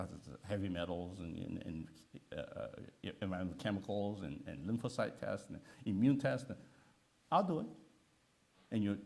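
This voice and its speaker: Animated man with lively pitch swings. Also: vocal fry. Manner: repetitive restarts, emphatic, asks listeners "okay?". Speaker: physician giving a talk. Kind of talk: animated lecture with patient story.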